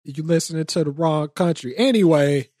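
A man's voice: fairly high pitch, normal speed, warm tone, dry recording, studio quality. Slangy, teasing podcast host man. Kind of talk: casual chat.

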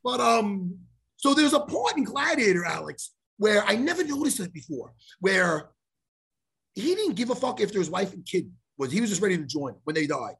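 A man hosting a podcast, telling a story in a profane, animated way and acting out the lines of the people in it. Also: sits high, moderate pace, creaky, slightly rough. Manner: profane, animated storyteller who acts out quotes. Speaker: podcast host. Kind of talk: casual storytelling chat.

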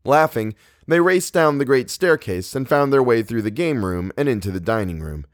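A man reading a novel aloud as a narrator, measured and expressive. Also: mid-range voice, no room sound, clean studio sound. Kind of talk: audiobook reading.

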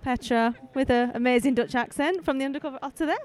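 Chatty high-voiced woman podcast host. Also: fast, a little mellow. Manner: chatty, rambling, friendly asides. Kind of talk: casual live walkabout podcast. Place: outdoor festival stalls. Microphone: handheld microphone.

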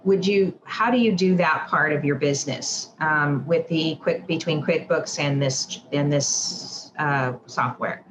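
Low-voiced woman interviewer, encouraging. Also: measured pace, hardly any pauses, noisy background. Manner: encouraging, frequent affirmations. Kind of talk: casual interview.

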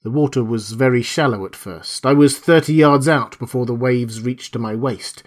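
A man reading a classic novel aloud in the first person, in a measured, steady storytelling manner. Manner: measured, steady storytelling that voices quoted lines with a raised pitch. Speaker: audiobook narrator.

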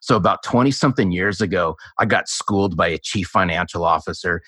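Deep-voiced, bright-toned male storyteller. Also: fairly quick, husky, no room sound, studio quality. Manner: animated storyteller, acts out quoted dialogue. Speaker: podcast guest, sales author. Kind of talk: casual storytelling interview.

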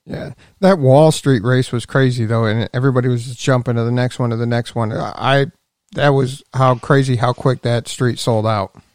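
A man's voice: mid-range voice, fairly even intonation, normal speed, darkish tone, no echo. A man co-hosting a podcast, chatting casually and teasing his co-hosts. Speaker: podcast co-host. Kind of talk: casual chat.

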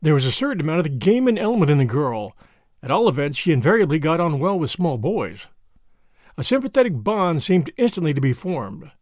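A man reading an audiobook as expressive scripted narration on a close mic. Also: fairly high pitch, fairly quick, no room sound. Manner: expressive storytelling.

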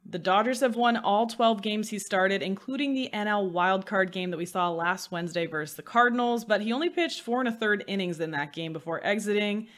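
A woman's voice: mid-range voice, fairly quick, few pauses, a bit bright. Woman hosting solo, medium voice, chatty, dry sarcastic asides. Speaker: sports betting podcast host. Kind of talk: solo podcast talk.

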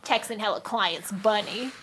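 A woman in her thirties co-hosting a casual chat, telling stories loudly with lots of swearing and laughter. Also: mid-range voice, moderate pace. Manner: profane, loud storytelling with lots of laughter.

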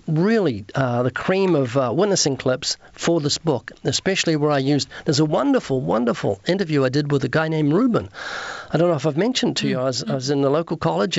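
A man's voice: fairly high pitch, no echo, dull audio. A man, an evangelist and author, telling stories of his street conversations and acting out the dialogue as he goes. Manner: earnest, retells street conversations with quoted dialogue, repeats words. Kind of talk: interview storytelling.

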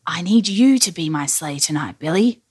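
A woman voicing Santa Claus, a jolly, gentle old man who speaks in a hushed, chuckling manner in a storybook reading. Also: on the low side, animated, normal speed, slightly rough.

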